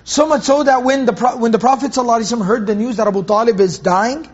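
High, husky-voiced man teaching scripture. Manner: earnest, repeats phrases for emphasis; recites Arabic verses slowly. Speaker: Quran teacher. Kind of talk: Quran commentary lesson. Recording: dull, muffled lo-fi recording.

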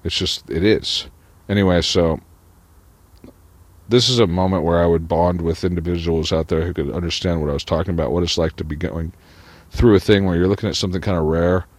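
Low-voiced man rambling profanely. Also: fairly even intonation, fairly quick, no room sound. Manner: profane, rambling, heavy use of "like". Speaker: vlogger. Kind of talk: rambling personal monologue.

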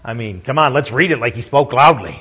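A middle-aged man preaching a sermon, repeating his words and swelling to loud, emphatic declarations. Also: mid-range voice, lively intonation, a little fast, breathy edge. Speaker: pastor.

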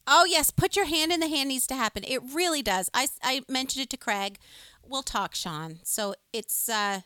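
A woman's voice: high voice, expressive, moderate pace, sharp tone, dry recording. A woman co-hosting a live music stream, chatting with enthusiasm and reading viewer comments aloud. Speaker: co-host of a music livestream. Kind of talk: casual live-stream chat.

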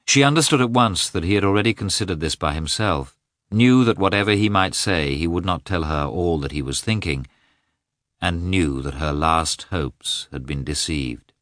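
A man narrating a classic novel as an audiobook, in an expressive, measured telling. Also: low voice, no room sound, clean studio sound.

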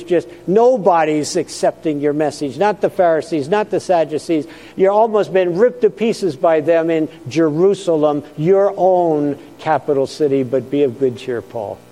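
A man's voice: on the high side, warm tone. A man, a pastor, preaching a sermon in an earnest storytelling manner. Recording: long hall reverb.

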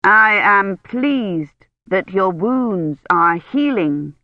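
A woman voicing an earnest male knight who speaks slowly, loudly and over-distinctly. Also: sits low, no echo, dull audio. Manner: slow, loud, overly distinct.

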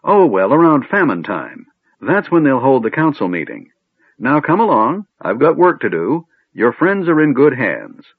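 Tinny, phone-like audio carries a man putting on a raised, fussy voice for a muddled old wizard who rambles and mutters to himself. The voice is husky and bounces around a lot in pitch. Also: very animated, normal speed, dry recording. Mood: fussy, rambling. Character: doddering absent-minded old male wizard.

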